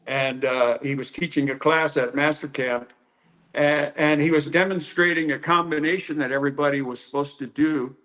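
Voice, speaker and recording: A karate instructor from the United States telling stories in an interview, rambling with many fillers and acting out the quoted lines. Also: male voice, a little high, steady tone, normal speed, fairly bright tone. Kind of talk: storytelling interview.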